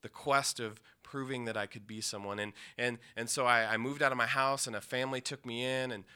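A man from the Pacific Northwest telling an emotional personal story, intense, with pauses and restarts. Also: mid-range voice, steady tone, bright, forceful tone, smooth. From Yakima, Washington, USA.

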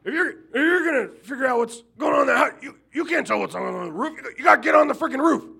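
A man voicing a gruff, crude older male neighbor who yells and swears bluntly. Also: very high voice, expressive, quick pace, voice pushed up, full character voice. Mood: yelling.

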